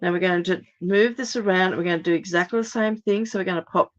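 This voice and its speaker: Hoarse middle-aged woman demonstrating crafts. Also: fairly low pitch, quick pace, muffled recording, slight background noise. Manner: chatty, step-by-step, many ums. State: hoarse, recovering voice. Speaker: crafting live-stream host. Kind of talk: live card-making demonstration.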